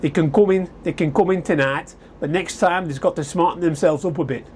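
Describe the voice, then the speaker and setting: A man's voice: fairly high pitch, a little fast, a little mellow, slight background noise, natural voice. A man voicing a friendly male casino doorman from Sheffield, in a broad Yorkshire accent. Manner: broad dialect, easygoing.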